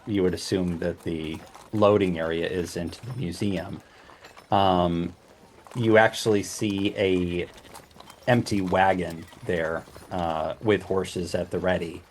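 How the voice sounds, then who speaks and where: A man's voice: deep voice, darkish tone, a little hiss or hum. A man narrating a tabletop game as game master, rambling with fillers and restarts. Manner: meandering, full of fillers.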